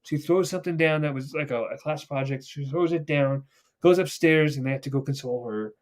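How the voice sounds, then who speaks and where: A man's voice: a little high, fairly quick. A man hosting a casual podcast chat, telling stories with lots of swearing and acting out the characters' lines. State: getting choked up. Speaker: podcast host.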